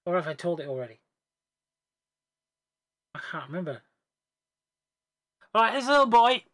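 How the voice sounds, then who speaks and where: A man's voice: high voice, big pitch swings, moderate pace, fairly bright tone. Rambling man telling jokes. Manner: rambling, with restarts and self-corrections. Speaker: gamer on a team voice chat. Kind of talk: casual joke telling.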